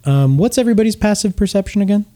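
Young male game master, mellow tone, laid-back narration. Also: high voice, animated, fast. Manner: easygoing, filler-heavy narration.

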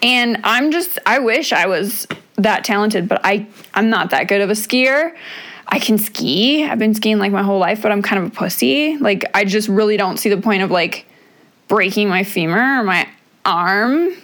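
A woman's voice: medium pitch, expressive, moderate pace, a bit bright. A middle-aged woman hosting a podcast on her own, talking in a casual, chatty way that is full of swearing and "like" fillers. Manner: chatty and profane, many "like" fillers. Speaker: podcast host. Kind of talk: casual solo podcast chat.

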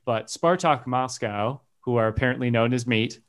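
A man hosting a casual podcast chat, playful and quick to laugh at his own jokes. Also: medium pitch. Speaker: podcast host.

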